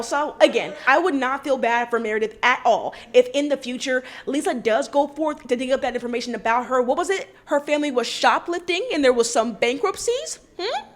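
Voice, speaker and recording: Woman recap host, high voice, opinionated and sassy, casual vlog commentary. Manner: opinionated, sassy, talks straight to the cast.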